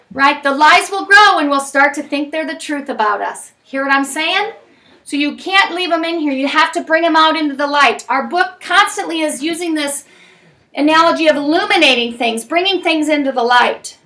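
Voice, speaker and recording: In a meeting room with a group, a woman teaches a parenting class for people in recovery, speaking frankly and emphatically and tossing in lots of tag questions. Her voice is high-pitched and sharp, picked up from a distance.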